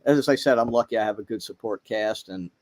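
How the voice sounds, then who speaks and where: A middle-aged man talking as a podcast guest, halting, with many fillers and restarts. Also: on the low side, darkish tone. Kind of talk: casual chat.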